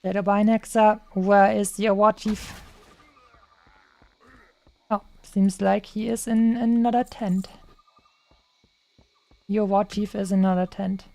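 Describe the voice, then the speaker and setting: A woman's voice: mid-range voice, flat delivery, slow, vocal fry, pauses often, darkish tone, no room sound. A young woman streaming a game, chatting casually and playfully, tossing in silly sound effects. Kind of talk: casual gaming chat.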